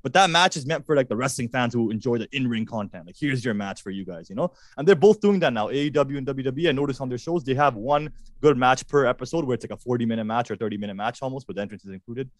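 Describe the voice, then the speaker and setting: Fast-talking excitable Canadian man. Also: mid-range voice, no room sound. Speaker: podcast guest. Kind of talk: casual chat.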